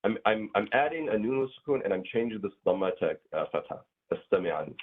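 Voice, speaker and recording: Deep husky male teacher, tinny line. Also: animated, quick pace. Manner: rambling, filler-heavy, acts out little scenes. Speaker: Arabic grammar teacher. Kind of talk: casual online class explanation. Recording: tinny phone-like audio.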